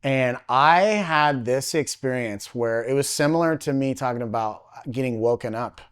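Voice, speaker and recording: A man, a podcast guest, telling a personal testimony in an animated, halting way, full of "like" fillers. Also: medium pitch, clear, resonant tone.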